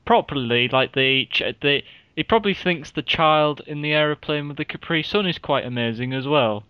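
A man's voice: fairly high pitch, moderate pace, clear, resonant tone, dry recording, dull audio. A man co-hosting a casual podcast, bantering and laughing often between remarks. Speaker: podcast co-host. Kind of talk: casual chat.

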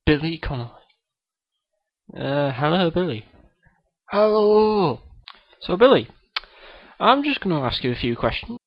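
A man hosting a comedy podcast interview, talking hesitantly with lots of ums and pauses. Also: a little high, sing-song, no room sound. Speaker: podcast host. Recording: dull lo-fi recording.

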